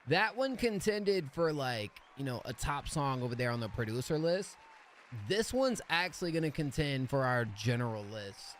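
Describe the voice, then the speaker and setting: A man's voice: medium pitch, slight background noise. A man hosting a live music review stream, chatting casually and enthusiastically with lots of slang, fillers and restarts. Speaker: livestream music review host.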